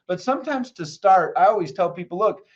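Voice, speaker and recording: A man's voice: sits high, animated, fairly quick, a little mellow, muffled recording. A man who is a mindset coach, talking as a guest in a conversational interview, enthusiastic and motivational as he tells stories.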